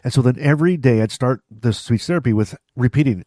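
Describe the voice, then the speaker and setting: A man's voice: medium pitch, fast, warm tone, dry recording, clean studio sound. A middle-aged man hosting a vlog, talking casually and directly to viewers, with frequent restarts and asides. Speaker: vlog host. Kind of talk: casual talk to camera.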